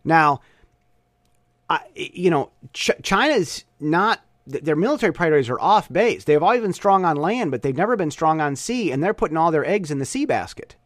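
A young man talks through his views in a casual monologue, his voice a touch high and swinging widely in pitch. He often trips over his words and restarts mid-sentence. The sound is close and dry, with no room around it. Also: big pitch swings, normal speed, no room sound. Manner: opinionated, stumbling restarts.

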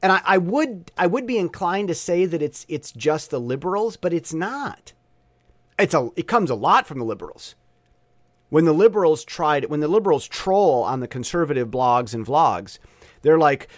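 A man talking in a casual vlog monologue, opinionated and animated, with stop-and-start rambling. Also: high-pitched, moderate pace, no echo, clean studio sound. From Southern Taiwan. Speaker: vlogger.

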